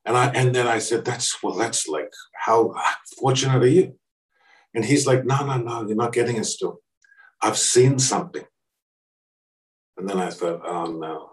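A man from Australia, a guest speaker telling a story to a live audience. He acts out the quoted dialogue and often restarts his sentences. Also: mid-range voice. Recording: voice picked up from a distance.

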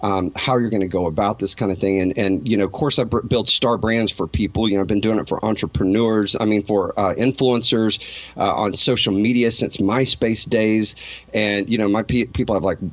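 A man with a fairly low voice is interviewed, and he tells a personal story earnestly and with feeling, circling back and restarting his thoughts. The sound is dry and a bit dull and lo-fi. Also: steady tone, a little fast, no echo. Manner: emotional, earnest, rambling with many restarts. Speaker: interview guest.

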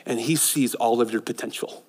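Excitable pastor preaching in a reverberant hall. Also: male voice, mid-range voice, moderate pace, breathy edge. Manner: swings between loud excited passages and hushed intimate ones. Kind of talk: sermon.

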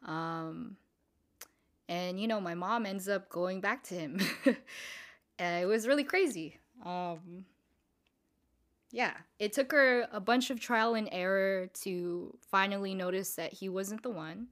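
A woman's voice: mid-range voice, slow pace, a bit bright. A young woman from Southern California casually telling a personal story, swearing freely and filling her talk with "like" and "you know.". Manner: casual, profane, lots of filler words.

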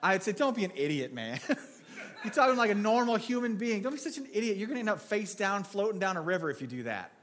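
A man's voice: high voice, expressive, quick pace, a bit bright. A man preaching a sermon in a church in a casual, joking storyteller's way, restarting his sentences often.

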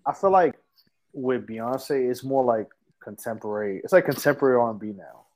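A man's voice: medium pitch, a little fast, a little mellow. A man co-hosting a casual music talk show, blunt and slangy in his opinions.

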